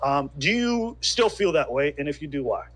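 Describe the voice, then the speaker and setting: A man interviewing a guest on a podcast, setting up a question in a measured way with some hesitations. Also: fairly high pitch, big pitch swings, a bit bright. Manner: measured, with "uh" fillers.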